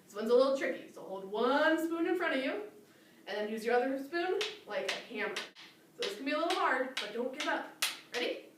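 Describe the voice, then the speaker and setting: A woman's voice: high-pitched, animated, a little fast, very echoey, distant mic, slight background noise. A woman, a children's librarian, leading a cheerful storytime and coaxing small children along.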